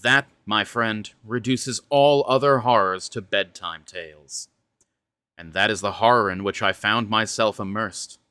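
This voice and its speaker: A man's voice: fairly low pitch, a little slow, pushed and bright, smooth, no room sound. A man reading a fantasy horror novel aloud, breaking off now and then for chatty, stumbling asides. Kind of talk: dramatic book reading with casual asides.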